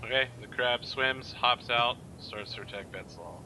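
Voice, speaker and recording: A man acting as game master, calmly narrating and making rules calls with dry asides. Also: mid-range voice, normal speed, a little hiss or hum, low-quality recording. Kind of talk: running a tabletop game.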